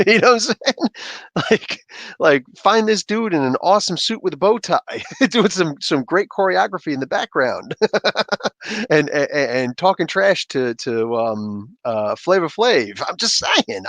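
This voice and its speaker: A man hosts a casual comics livestream, talking freely and answering chat as he goes. His voice sits a bit high and swings widely in pitch, laughing often. The sound is dry and close, with no room echo. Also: unhurried. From Canada. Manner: animated, laughs often, reads chat aloud. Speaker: livestream host.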